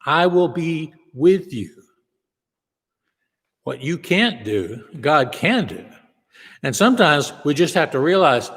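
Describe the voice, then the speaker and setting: In a church sanctuary, a male pastor preaches a sermon, telling stories and acting out the quotes within them. His voice is medium-pitched, and a long reverb tail trails after it.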